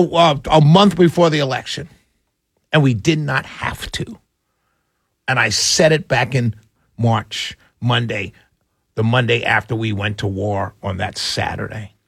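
A male talk radio host with a notably high voice for a man. He drives his monologue by repeating his points and firing off rhetorical questions. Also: a bit bright. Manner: emphatic and repetitive, hammering points with rhetorical questions.

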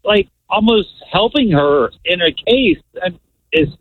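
A male caller on a thin, tinny phone line, agitated and stammering, with a slightly high voice. The sound is dry and narrow. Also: animated, measured pace, slightly rough, no echo.

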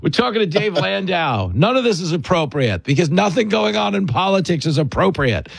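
A man's voice: sits high, very animated, fairly quick, creaky, breathy edge, dry recording. A man hosting a talk show, joking with a guest in loose comedic banter and laughing often. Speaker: radio host.

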